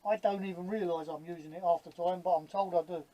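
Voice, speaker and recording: A man's voice: sits high, steady tone, quick pace, warm tone, muffled recording, slight background noise. A man in his fifties with a London Cockney accent, chatting casually while building models, blunt and jokey, swearing freely. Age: 50s. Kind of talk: casual workshop chat.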